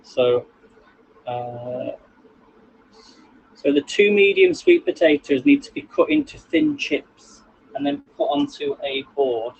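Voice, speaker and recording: A man's voice: a little high, huge pitch swings, slow pace, gravelly, long pauses, breathy edge, muffled recording. A man hosting a casual live cooking stream from his home kitchen, chatting and rambling to viewers while he cooks. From England. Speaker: livestream cooking host. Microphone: phone on a selfie stick.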